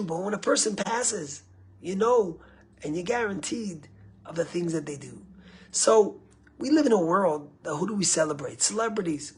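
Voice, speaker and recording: A man's voice: sits high, slightly rough. A male rabbi giving a storytelling sermon. He rises for emphasis and trails off to near-whispers at the ends of phrases.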